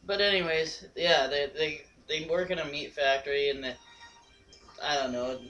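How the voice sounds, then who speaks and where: A man's voice: fairly high pitch, normal speed, pushed and bright, dull audio, soft background music. A man co-hosting a casual movie review chat, laid-back and swearing freely. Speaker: co-host of a movie review show. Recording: distant mic, noisy home recording.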